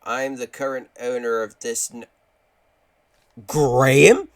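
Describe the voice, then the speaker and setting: A man's voice: a little slow, fairly bright tone. Chatty man streaming a game. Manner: jokey, chatty, reads game texts aloud in a low voice. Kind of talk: live game commentary and reading messages aloud.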